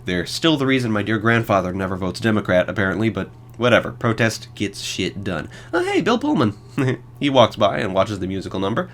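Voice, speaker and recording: A man's voice: lowish voice, fairly quick. A man in his twenties hosting a solo podcast, reviewing films with casual commentary and sarcastic, wry asides. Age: 20s. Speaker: podcast host.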